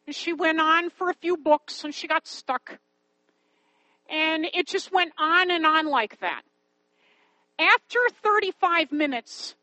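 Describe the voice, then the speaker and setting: A woman's voice: high voice, sharp tone, no room sound, low-quality recording. A woman telling a faith-based story in an earnest, pleading way, with rhetorical questions to her listeners. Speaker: Christian storyteller and Bible memory helper.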